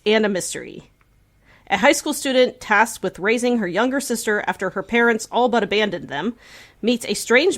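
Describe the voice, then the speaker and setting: A woman co-hosting a podcast, reading a prepared summary and chatting casually in a wry manner. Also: fairly high pitch. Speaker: podcast co-host. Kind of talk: casual chat and scripted intro reading.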